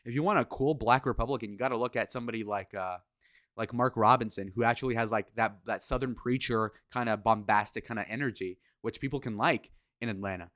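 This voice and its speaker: A man's voice: medium pitch, fairly quick, fairly bright tone, dry recording, studio quality. Crude, sarcastic male political commentator. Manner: crude, sarcastic, opinionated, with swearing.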